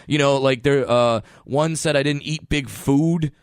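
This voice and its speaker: A man's voice: medium pitch, unhurried, clean tone, no echo, studio quality. A man telling comic stories in a chat, acting out the people he quotes. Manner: animated storyteller who acts out quoted voices. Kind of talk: storytelling chat.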